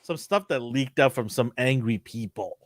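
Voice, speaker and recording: An older man hosting a casual pop culture chat, animated and laughing often. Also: medium pitch, moderate pace, dry recording, studio quality. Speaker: podcast host.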